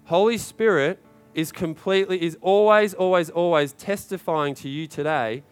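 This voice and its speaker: A man preaching a sermon to a congregation, urging and repeating himself, building to shouted peaks. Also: sits high, normal speed, clear, resonant tone, soft background music. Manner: urgent, repetitive exhortation with rising shouted climaxes.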